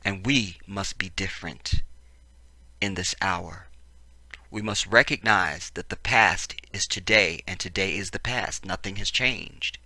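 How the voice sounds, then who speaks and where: A man's voice: low voice, unhurried, sharp tone, no echo. A man giving a heated, profane video commentary, hammering his points with repetition and frequent "see what I'm saying" asides. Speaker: political commentator.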